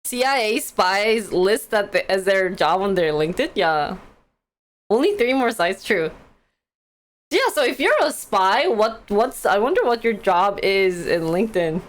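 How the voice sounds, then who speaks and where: A woman's voice: medium pitch, big pitch swings, measured pace. A young woman hosting a live stream, chatting casually and giggling as she reads stock news and answers the chat.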